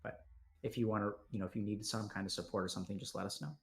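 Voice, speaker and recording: Lowish male voice on a video call, supportive counselor type, halting restarts, echoey room. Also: fairly even intonation, vocal fry. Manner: halting, repeats words when starting a sentence. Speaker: guest counselor on a stream. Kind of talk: supportive conversation. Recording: roomy echo.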